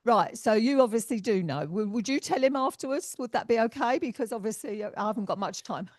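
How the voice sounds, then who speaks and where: A woman's voice: on the high side, lively intonation, a little fast, a little mellow, dry recording, studio quality. An English woman working as a spiritualist medium at a church service, chatty and affectionate, calling people darling and my lovely. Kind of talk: giving spirit messages at a service.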